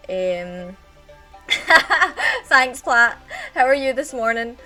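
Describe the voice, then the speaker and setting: A woman's voice: high voice, big pitch swings, very slow, pushed and bright, faint music behind. Chatty Scottish woman streaming live. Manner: chatty, rambling storyteller greeting chat viewers. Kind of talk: casual live-stream chat.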